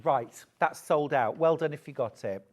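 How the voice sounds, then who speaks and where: A woman's voice: sits low, moderate pace. A woman presenting live on a TV shopping channel, gushing over the products and urging viewers to buy. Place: TV studio.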